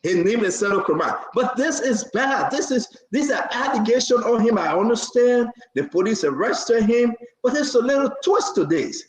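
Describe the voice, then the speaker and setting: A high-pitched man hosts a live talk show, pressing each point by saying it again and again. His voice rings in a roomy, echoing space. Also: lively intonation, normal speed, few pauses. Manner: emphatic, repeats phrases, laughs between points.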